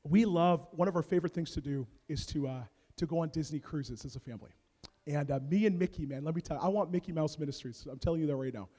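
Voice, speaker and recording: A man with a fairly high voice preaches in a big hall, and his words ring out with a long echo. He tells his story with comic energy, going from quiet asides to loud bursts. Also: fast. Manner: animated comic storytelling, big swings in loudness. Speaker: pastor. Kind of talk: sermon. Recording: long reverb of a large hall.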